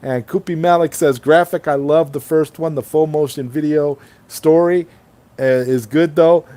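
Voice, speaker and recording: Over an online streaming call, a livestream host with a high, steady, warm voice speaks at a normal pace. It's a casual late-night chat where he reads out viewer comments and rambles with enthusiasm between them.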